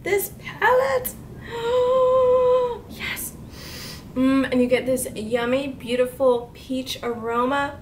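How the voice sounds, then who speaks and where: Gushing high-voiced young woman unboxing makeup. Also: lively intonation, slow, recorded from a distance, slight background noise. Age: 20s. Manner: gushing, squealing with delight. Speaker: beauty vlogger. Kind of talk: excited haul unboxing.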